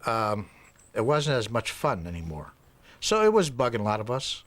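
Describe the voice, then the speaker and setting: A man's voice: medium pitch, huge pitch swings, normal speed, a bit bright. A man in an interview, reminiscing in a hesitant way. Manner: hesitant, with fillers and restarts. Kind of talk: reflective interview.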